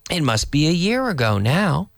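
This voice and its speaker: A man's voice: fairly high pitch, very animated, moderate pace, gravelly, no room sound, clean studio sound. A Canadian man with a Canadian English accent, an English teacher on a radio show, explaining casually and rambling a little while spelling words out letter by letter. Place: radio studio.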